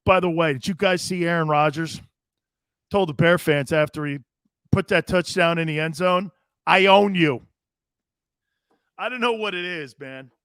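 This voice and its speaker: A man from Connecticut hosting a sports talk show, rambling excitably, laughing often and talking in a casual way. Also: fairly high pitch, moderate pace, clean tone, no room sound, studio quality. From Connecticut, United States.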